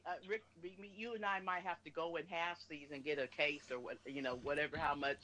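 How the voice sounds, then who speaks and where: A woman's voice: deep voice, steady tone, quick pace, bright, forceful tone, slight background noise, rough recording. A woman calling in to a talk show, telling stories emphatically with salty language. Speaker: caller. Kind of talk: casual call-in chat.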